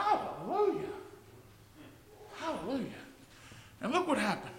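A man preaching a sermon to his congregation, impassioned and often rising to shouted exclamations. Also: extremely high pitch, huge pitch swings, normal speed, long pauses, a little hiss or hum. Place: church sanctuary with a congregation. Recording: echoey hall with long reverb.

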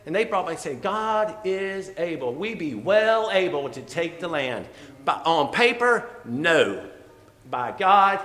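A man preaches a heartfelt sermon in a high, bright voice. He chuckles between phrases and switches to old-fashioned scriptural wording for quotes. The sound carries a long reverb from a church hall. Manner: folksy, laughing often, quoting scripture in old-fashioned wording.

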